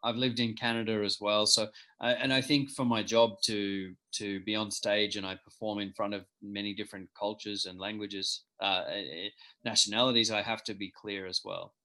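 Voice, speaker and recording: A man from Australia, a stand-up comedian whose accent has softened from living in Britain, talking in a relaxed interview with frequent restarts and ums. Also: lowish voice. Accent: Australian, softened by years in Britain. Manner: halting, many restarts and ums. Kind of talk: casual interview.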